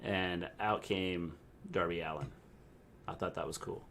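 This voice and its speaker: A middle-aged man chatting casually on a livestream, his voice bright and forward. He delivers blunt, dry remarks in a plain, matter-of-fact way. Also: deep voice, steady tone, unhurried, gravelly, slight background noise. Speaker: co-host.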